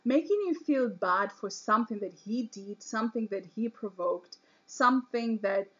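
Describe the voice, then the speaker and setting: A woman's voice: a little high, animated, moderate pace, a bit bright, slightly rough, highs cut off. A woman hosting an interview who backs up her guest in long, affirming stretches. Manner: supportive, affirming, talks in long reassuring runs. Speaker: host. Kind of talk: interview chat.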